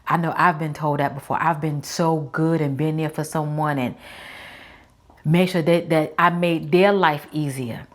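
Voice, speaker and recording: A woman in her forties with a low voice, hosting her own show and talking frankly to the listener. She is chatty and emphatic, leaning on words for effect and speaking to the audience as a friend. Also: fairly even intonation, measured pace. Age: 40s. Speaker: podcast host. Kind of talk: casual talk to camera.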